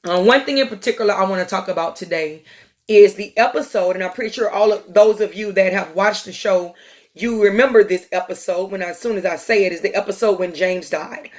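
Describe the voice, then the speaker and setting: A woman's voice: medium pitch, a little fast. A woman hosting a podcast, retelling a TV episode in a casual, conversational way with frequent ums and uhs. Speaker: podcast host. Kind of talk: casual storytelling monologue.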